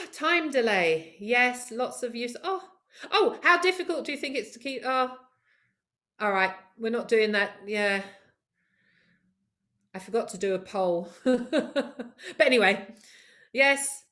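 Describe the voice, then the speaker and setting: Woman workshop presenter on a video call, upbeat, encouraging, fairly high voice, talks directly to attendees. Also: measured pace, pauses often, sharp tone. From of Caribbean heritage. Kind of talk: live online training session.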